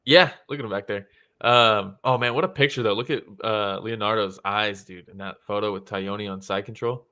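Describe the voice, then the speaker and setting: A man's voice: lowish voice, moderate pace, sharp tone, clear, resonant tone. A young man co-hosting a podcast, chatting casually about fight photos and swearing freely as he acts out quotes. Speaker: podcast co-host.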